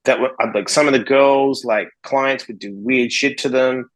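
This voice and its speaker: A man, a podcast guest telling stories in a casual, animated way and acting out both sides of the dialogue. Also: mid-range voice, moderate pace, low-quality recording. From Australia. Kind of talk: casual storytelling in a podcast interview.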